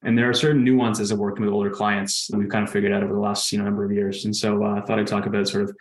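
A man who is a guest expert on a podcast, explaining in a relaxed way with hedging fillers. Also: lowish voice, rapid-fire, roomy sound. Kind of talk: podcast interview.

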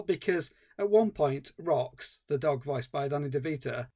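A man co-hosting a film podcast, ranting in an exasperated, casual review style. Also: a little high. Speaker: podcast co-host.

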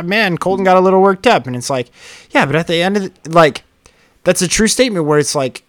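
A man's voice: on the high side, a bit bright, dry recording. A man co-hosting a casual podcast, ranting in a heated way and swearing freely. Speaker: podcast co-host.

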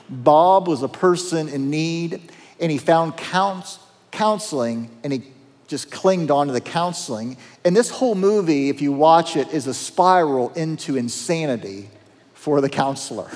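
A man's voice: on the high side, lively intonation, measured pace, a little mellow. A man, a pastor, preaching a sermon in a conversational, humorous way with dramatic quotes. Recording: reverberant church hall.

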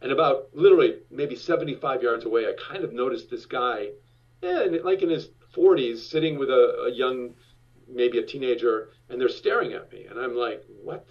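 A man's voice: medium pitch, normal speed. Older man telling a story, distant and dull. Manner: rambling, restarts, lively voiced-out quotes. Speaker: actor guest recalling his TV show. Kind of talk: animated anecdotal storytelling.

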